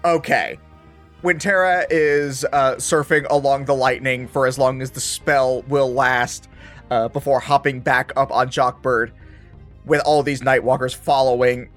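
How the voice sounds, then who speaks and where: A man runs a tabletop game as game master, narrating a chase with playful relish. His voice sits in an ordinary middle range, and soft music plays faintly behind him. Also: mid-range voice, steady tone, measured pace. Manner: vivid, playful narration with laughs.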